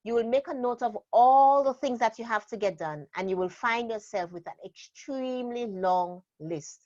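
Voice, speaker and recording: A woman trainer explaining a method in an interview, speaking deliberately and stressing key words. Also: fairly high pitch, darkish tone. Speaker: productivity trainer. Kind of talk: instructional interview talk. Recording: slightly dull lo-fi sound.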